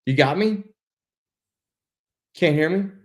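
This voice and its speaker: This guy is a guest on a video call, spinning a story slowly in a fairly high voice. He keeps it loose and animated, dropping curse words and calling everyone "dude."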